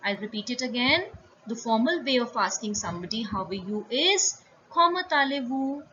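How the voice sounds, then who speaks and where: A woman teaching a French lesson, speaking slowly and carefully and repeating and spelling out each phrase. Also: fairly high pitch, lively intonation, sharp tone. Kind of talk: slow spoken language lesson. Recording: dull lo-fi sound with faint room noise.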